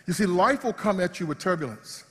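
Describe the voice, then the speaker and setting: A pastor preaching with a high, slightly husky voice. He moves from loud shouts of praise to quiet, hushed asides. His words ring out through a large hall with a long reverb. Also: lively intonation, a little fast. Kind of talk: sermon.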